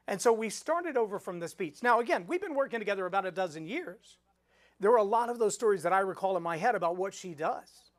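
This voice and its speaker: Teaching storytelling during a live webinar, this middle-aged man, a speaking coach, performs the voices of the people he quotes with lots of animation. His voice is high and his pace quick.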